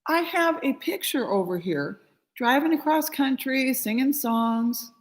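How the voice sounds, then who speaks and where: A middle-aged woman, a spiritual healer, telling an emotional personal story in a conversational way with frequent fillers, acting out quoted voices with rising pitch and loudness. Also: expressive, a little slow.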